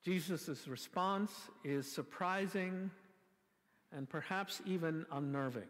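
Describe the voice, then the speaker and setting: Male pastor, sermon delivery: expressive, wry, rhetorical, slightly high voice, church reverb. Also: slow. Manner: animated, rhetorical questions, wry asides. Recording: long reverb from a church hall.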